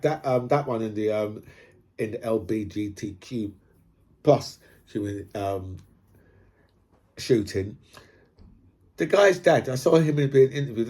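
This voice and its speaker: A man's voice: medium pitch, a little mellow, slightly rough. A man ranting casually in a rambling monologue, swearing and tagging his points with "right?".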